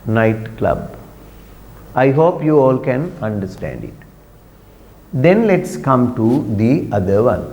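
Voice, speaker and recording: A man teaching an exam prep lesson. He talks slowly and repeats words, often checking with "right?". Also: mid-range voice, very animated, warm tone. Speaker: English teacher. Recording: dull lo-fi sound with long reverb.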